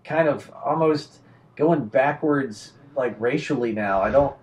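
A man's voice: mid-range voice, unhurried. A young adult man chatting casually and telling a rambling story, full of restarts and fillers.

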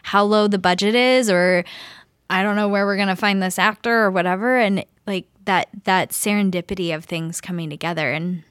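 A woman's voice: mid-range voice, steady tone, normal speed, a bit bright, smooth, dry recording, studio quality. A woman in casual chat, talking reflectively and earnestly in trailing phrases.

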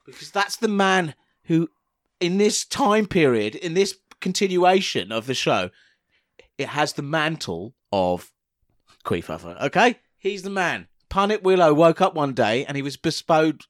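A man's voice: fairly high pitch, expressive, measured pace, dry recording, studio quality. Rambling silly man. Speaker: podcast co-host. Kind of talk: casual comedy chat.

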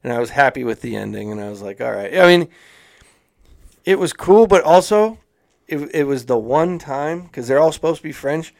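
A man's voice: on the high side, normal speed, gravelly. Laid-back podcast guy, casual chat. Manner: animated, swears, does mocking voices. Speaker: podcast co-host.

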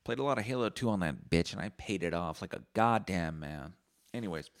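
A man's voice: on the low side, animated, fast talker, dry recording, studio quality. A man, hosting a solo podcast and rambling through profane, jokey stories. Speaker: podcast host. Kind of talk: solo comedic podcast monologue.

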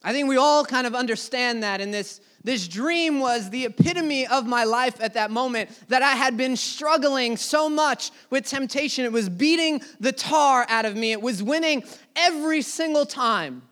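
A young man preaching a sermon, telling a personal story earnestly, his voice dropping low and soft then rising loud. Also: normal speed.

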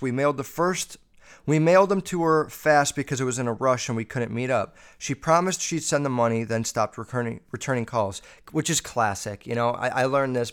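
A man hosts his show by reading listener messages aloud and reacting to each one. He swears freely and talks in an animated, off-the-cuff way. His voice sits at a plain middle pitch. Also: clean tone. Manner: profane, animated, riffing. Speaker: podcast host.

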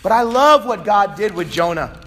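Guy preaching a sermon, loud then quiet, a little faint hiss behind him. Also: high voice, expressive, normal speed. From Virginia, USA. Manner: swings between loud shouting and quiet asides. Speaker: pastor.

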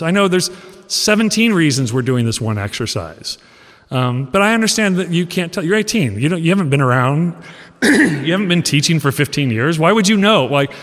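A college professor in his forties giving an animated, conversational talk, asking his audience questions and acting out lines. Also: medium pitch. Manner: animated storyteller, acts out quoted lines. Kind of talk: casual lecture talk. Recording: long reverb of a hall.

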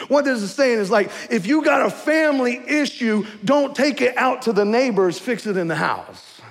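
A pastor with a notably high voice preaches to his congregation. He talks in a folksy, conversational way, often checking in with rhetorical questions. His voice rings out with a long reverb from the church hall. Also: expressive, moderate pace, few pauses. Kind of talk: sermon.

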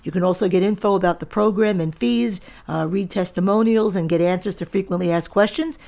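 A woman's voice: medium pitch, brisk, vocal fry, a little mellow. A middle-aged woman hosting her own podcast, talking firmly and directly to listeners in a lecturing monologue. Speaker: podcast host and diet center owner.

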